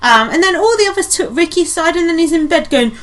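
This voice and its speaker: A woman co-hosting a podcast in casual chat, blunt and sweary with quick rants. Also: extremely high pitch, lively intonation, a bit bright. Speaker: podcast co-host.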